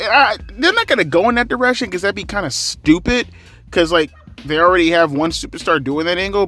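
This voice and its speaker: A man's voice: on the high side, a bit bright. Rambling sarcastic man with faint music. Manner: rambling, sarcastic, swears freely. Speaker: wrestling commentary vlogger. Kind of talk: casual recap monologue.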